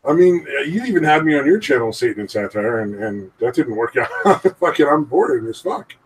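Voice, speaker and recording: A man's voice: medium pitch, very animated, a little fast, far from the mic, low-quality recording. A man co-hosting a casual podcast chat, rambling and swearing freely and laughing often. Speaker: podcast co-host.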